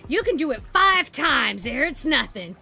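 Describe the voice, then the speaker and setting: A woman streaming a game, chatting casually with her viewers in a bubbly, excitable way. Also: sits high, measured pace, gravelly, soft background music. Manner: bubbly, excitable, cheering and laughing. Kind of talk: casual live-stream chat.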